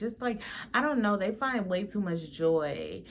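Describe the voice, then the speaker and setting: A woman's voice: lowish voice, lively intonation, normal speed, a little hiss or hum. A young woman hosting a casual reality TV recap, blunt and slangy, swearing freely and mimicking the cast.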